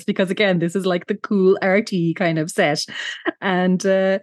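A woman's voice: fairly low pitch, fairly even intonation, a little slow, a little mellow, no echo, clean studio sound. A woman co-hosting a podcast who gushes and giggles while retelling scenes and acting out lines. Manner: giggly, gushing, acts out character lines. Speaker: podcast co-host. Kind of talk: casual recap chat.

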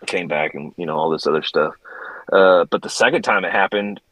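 Man, middle-aged, low voice, dry close sound, animated, profane, acts out voices. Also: brisk, no echo, poor audio. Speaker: podcast guest, Air Force veteran. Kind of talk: casual storytelling.

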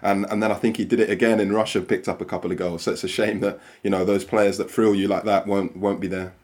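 A man's voice: on the low side, level tone, fast talker, darkish tone. A man in his twenties reminiscing hesitantly in casual football chat. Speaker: podcast co-host.

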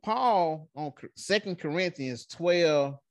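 A man hosting a casual faith podcast, leading a prayer and reading scripture with animated, preacherly emphasis, filling his sentences with "man". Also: a little high, slow, no echo. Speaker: podcast host.

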